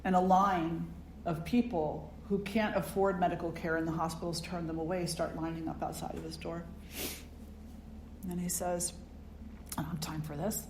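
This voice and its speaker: A woman spiritual teacher gives a satsang talk in a reflective, conversational way and turns often to the audience with questions. Her voice sits on the low side. The sound carries in a roomy hall with a faint background hum. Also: flat delivery, moderate pace, a little mellow.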